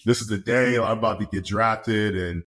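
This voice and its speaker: Young male podcast guest, lowish voice, relaxed storyteller who laughs a lot. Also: normal speed. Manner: laid-back, laughs often, acts out quotes. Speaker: podcast guest, football player. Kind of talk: casual storytelling.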